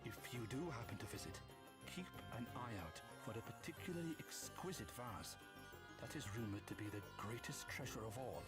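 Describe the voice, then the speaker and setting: A man playing a courteous, anxious father in a video game who speaks in stiff, old-fashioned phrases. Loud game music runs underneath. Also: medium pitch, natural voice. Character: polite, worried father seeking money.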